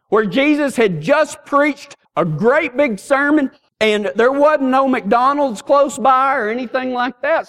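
A middle-aged man preaching a sermon full of folksy, humorous stories. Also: very high-pitched. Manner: folksy, humorous, animated storytelling. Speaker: pastor. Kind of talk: storytelling sermon.

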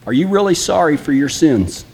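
A man's voice: a little high, big pitch swings, moderate pace, a little mellow, breathy edge, big-room sound. A man preaching an impassioned, folksy sermon that speaks straight to the congregation. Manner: impassioned, folksy and direct, acting out flippant apologies.

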